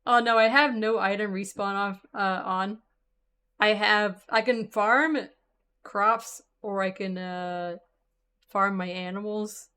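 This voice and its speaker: A woman's voice: medium pitch, fairly even intonation, slow, sharp tone, clear, resonant tone. Chatty woman streamer, voice going. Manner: chatty, thinking aloud, trailing off with fillers. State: losing her voice. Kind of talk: casual gameplay commentary.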